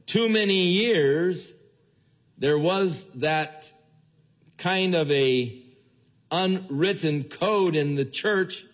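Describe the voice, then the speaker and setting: An older man preaching a sermon in an earnest way, with his voice falling low and soft at the ends of phrases. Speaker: pastor.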